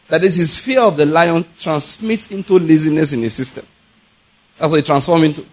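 A Nigerian man preaching a sermon, telling stories in a lively way, laughing often and mixing in pidgin. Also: fairly high pitch, brisk, breathy edge. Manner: animated storytelling, laughs often, mixes in pidgin. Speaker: pastor.

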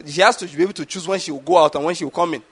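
A man's voice: on the high side, racing, a bit bright, breathy edge. A man preaching a sermon, often asking his listeners if they follow him. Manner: asks the audience rhetorical questions and checks understanding. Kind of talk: sermon teaching.

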